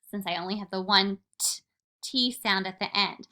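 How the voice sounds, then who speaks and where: A woman teacher records a phonics lesson for young children. Her voice is very bright and sits at a middle pitch. She is patient and sounds out each word slowly and clearly. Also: steady tone.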